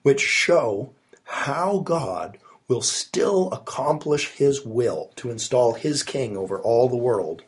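Husky-voiced pastor with a cold. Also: male voice, mid-range voice, expressive, slow. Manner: earnest, emphatic with rising stresses. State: has a cold. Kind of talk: sermon. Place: his study.

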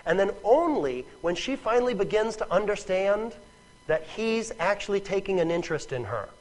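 A man's voice: high-pitched, very animated, moderate pace, rough recording. A man preaching a sermon in a conversational, emphatic way, often repeating words and checking with "right?".

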